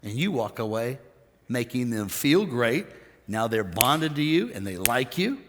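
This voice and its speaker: A man's voice: mid-range voice, unhurried, big-room sound, a little hiss or hum. A man preaching a conversational sermon as pastor, telling stories and acting out other people's lines. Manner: storytelling, animated quoting of others.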